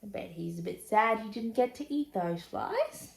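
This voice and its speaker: A woman reading a children's picture book aloud, with expressive, chatty asides to young listeners. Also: medium pitch, moderate pace, vocal fry, roomy sound. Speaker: storybook reader.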